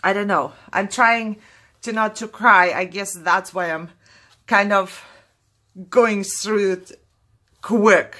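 A woman's voice: mid-range voice, slow pace, long pauses, sharp tone. A woman from Germany, talking candidly and apologetically while opening mail, fighting back tears. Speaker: craft vlogger opening mail.

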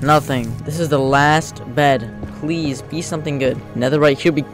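A young man commentating his game as he plays, excitable and joking, taunting the creatures he fights. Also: medium pitch, moderate pace, vocal fry, over music. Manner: excitable, joking, talks to mobs. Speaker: gamer. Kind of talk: let's play commentary.

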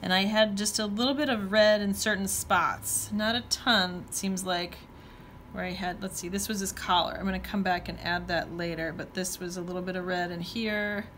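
A woman's voice: mid-range voice, fairly even intonation, moderate pace, a bit bright, a little hiss or hum. A woman teaching watercolor, talking casually while she paints and thinking aloud with playful exclamations. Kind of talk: painting demonstration talk-along.

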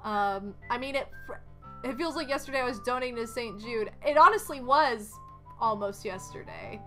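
A woman's voice: a little high, normal speed, sharp tone. A woman streamer chatting casually while she plays, rambling with lots of "like" and gushing thanks to donors. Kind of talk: casual gameplay chat. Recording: music playing behind.

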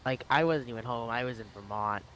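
Guy on voice chat, halting, lots of um and like, faint hiss. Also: medium pitch, a bit bright, poor audio. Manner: halting, storytelling with fillers. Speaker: co-streamer. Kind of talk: casual chat on a livestream.

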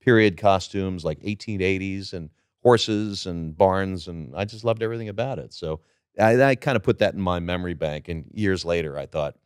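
A middle-aged man, a guest actor, telling stories from his career in a relaxed interview chat. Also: low voice, moderate pace, clear, resonant tone, dry recording, clean studio sound.

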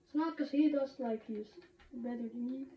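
A woman streaming a game, chatting excitably with sudden shouts and laughs. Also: sits high, normal speed. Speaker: gamer streaming a match. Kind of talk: excited gaming commentary. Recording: roomy, distant, dull lo-fi sound with faint noise.

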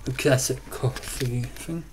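A man's voice: mid-range voice, fairly even intonation, measured pace, background noise. A British man filming a casual home vlog on a handheld camera, rambling and hesitant with lots of ums. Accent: British English. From Britain. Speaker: vlogger reviewing a coffee machine.

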